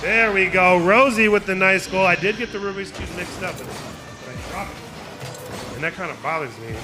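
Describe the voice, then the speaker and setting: A man's voice: high-pitched, moderate pace. A young man casting a live video game match with playful, jokey play-by-play over background music. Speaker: esports caster.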